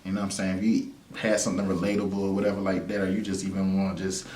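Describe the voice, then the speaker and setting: A man hosting his own vlog, telling a personal story in a loose, animated way with frequent laughs and repeated phrases. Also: deep voice, racing, slight background noise. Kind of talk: casual storytelling monologue. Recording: roomy sound from a distance to the mic.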